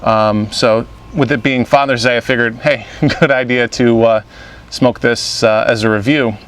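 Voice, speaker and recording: A young man casually reviewing a cigar, relaxed and pausing often with filler words. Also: mid-range voice, clear, resonant tone.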